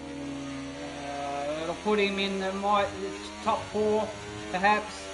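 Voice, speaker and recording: A man commentating a sim racing qualifying session, excitable and rambling with fillers. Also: sits high, slow pace, over music. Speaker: race commentator. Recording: noisy background of engine sounds. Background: racing car engine noise.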